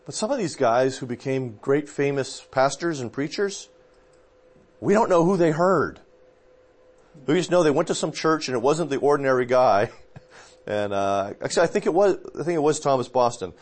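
A pastor with a mid-range voice and moderate pace talks through theology in a casual discussion. He's relaxed and rambles a little, using fillers and correcting himself as things come back to him.

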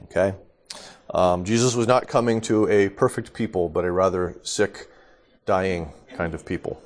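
In informal Bible teaching, a middle-aged male pastor explains scripture in a relaxed, chatty manner, frequently pausing to ask "okay?" and breaking into laughter. His voice sits slightly low and sounds a bit congested from allergies.

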